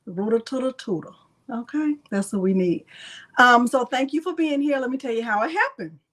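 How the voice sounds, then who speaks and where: A high-pitched woman runs a casual crafting livestream. She talks in a chatty, playful way and greets her viewers one by one. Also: animated, moderate pace, fairly bright tone.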